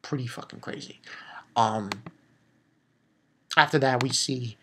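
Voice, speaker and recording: A man giving a casual spoken review of a comic chapter, retelling it excitedly with swearing and lots of fillers. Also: medium pitch, a little slow, slight background noise. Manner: excitable, loose and profane, with many fillers. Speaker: manga reviewer.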